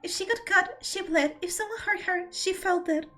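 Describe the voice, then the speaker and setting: A woman's voice: very high-pitched, moderate pace, pushed and bright, soft background music. A woman streamer reading video game dialogue aloud, dramatic and emotional, close to tears.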